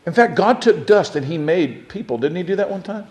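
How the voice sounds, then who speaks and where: In a high-pitched, fairly quick voice, this pastor preaches animatedly, shifting from shouting to near-whispers while declaiming scripture.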